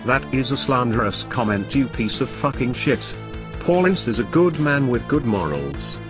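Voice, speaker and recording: A man hosts a scripted comedy sketch as a boastful, foul-mouthed game collector, ranting in an animated voice that swings up and down. Soft music sits faintly behind him. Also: mid-range voice, moderate pace. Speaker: comedic host playing an angry game collector.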